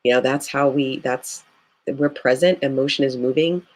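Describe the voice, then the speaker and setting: A woman's voice: rumbling low, normal speed. A woman who works as a grief guide, speaking earnestly and reflectively in a live video interview, with frequent "you know" fillers.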